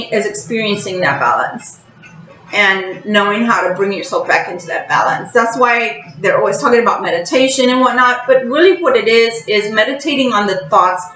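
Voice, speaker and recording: A woman's voice: mid-range voice, roomy sound, rough recording. A woman hosting a tarot channel, talking casually about balance and acting out emotional outbursts as she goes. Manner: animated, acts out emotional outbursts. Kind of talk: casual spiritual monologue.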